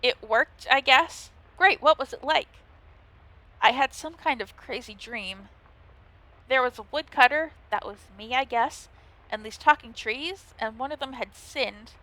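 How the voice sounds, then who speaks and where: A woman's voice: high voice, measured pace, bright, forceful tone. A woman hosting a let's play, reading the game's narration aloud and chatting playfully between lines. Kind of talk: gameplay commentary, reading game text aloud.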